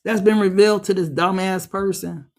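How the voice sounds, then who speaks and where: Blunt, profane woman tarot reader. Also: moderate pace. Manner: blunt, profane, animated, talks straight to viewers; jumps into high excited bursts. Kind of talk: casual tarot reading.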